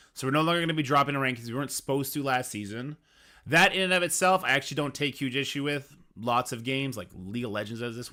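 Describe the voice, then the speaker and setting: A man's voice: mid-range voice, sharp tone. A man streaming about a mobile game, ranting in an emphatic, frustrated way and swearing now and then. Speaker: gaming streamer. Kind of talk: casual ranting commentary.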